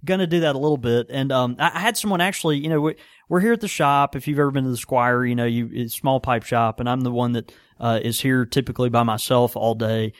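A man's voice: medium pitch, fast, dry recording, studio quality. A man, co-hosting a casual podcast chat and laughing easily between thoughts. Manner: laughs often, animated impressions. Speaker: podcast co-host and pipe shop keeper.

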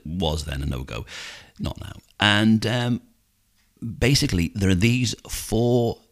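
A middle-aged Liverpool man with a thick Scouse accent and a very deep voice. He tells taxi stories in relaxed podcast chat, throwing himself into the voices of his passengers. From Liverpool, England. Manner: animated storyteller who acts out voices. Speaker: podcast host, taxi driver. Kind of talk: casual storytelling chat.

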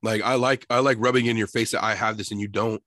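A young adult man in casual chat, laughing often and telling stories with lively quoted voices. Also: on the low side, quick pace, no echo, clean studio sound.

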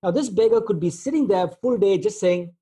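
A man giving a relaxed storytelling talk, using plenty of filler words as he tells everyday examples. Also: high-pitched, a little fast, slightly rough. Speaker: speaker on negotiation.

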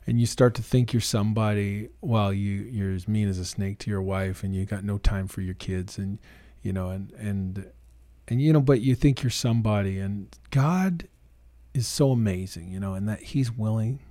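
A man's voice: lowish voice, normal speed, warm tone, dry recording. A middle-aged Canadian man and preacher, telling his story earnestly and emphatically in a casual interview, sometimes quoting others. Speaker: guest, preacher.

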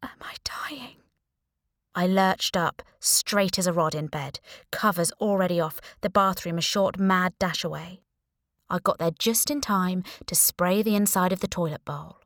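A woman's voice: fairly low pitch, dry recording. A young adult woman narrating a thriller audiobook in the first person, with a dry, wry manner.

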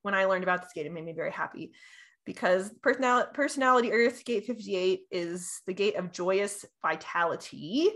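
A woman co-hosting a casual astrology chat, bubbly and easily excited, often breaking into laughter and delighted exclamations. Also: mid-range voice, moderate pace. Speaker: podcast co-host.

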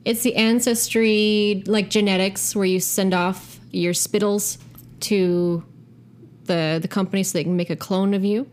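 A woman's voice: mid-range voice, steady tone, unhurried, a little mellow. A woman co-hosting a podcast, chatting casually in a rambling way with plenty of fillers and easy laughs. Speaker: podcast co-host. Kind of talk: casual banter.

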